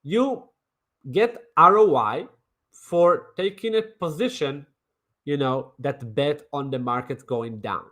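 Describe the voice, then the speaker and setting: A man's voice: a little high, takes it slowly, fairly bright tone. A man streaming crypto trading commentary in a brash, mocking way, swearing and repeating himself. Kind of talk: casual livestream commentary.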